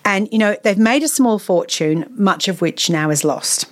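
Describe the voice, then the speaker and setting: A book reviewer chats casually and enthusiastically about a novel she read, laughing now and then. Her voice is medium-pitched with lively intonation and a moderate pace.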